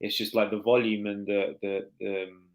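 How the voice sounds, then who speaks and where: A man who is the guest consultant on a live chat show, answering in a measured, slightly hesitant way. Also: lowish voice, level tone, poor audio.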